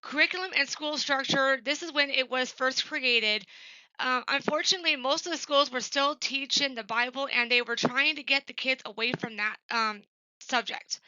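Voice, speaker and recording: A woman's voice: high-pitched, normal speed, pushed and bright, no echo, lo-fi sound. A woman giving a recorded class presentation for her professor. She talks plainly and earnestly, with frequent ums and uhs. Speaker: student presenting an assignment.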